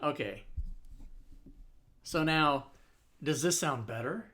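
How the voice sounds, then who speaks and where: Speaking slowly and expressively, a man with a fairly bright, higher-than-average voice acts as dungeon master on a home stream. The tabletop chat is casual and self-mocking, laced with swearing, and he often leans back from the desk mic.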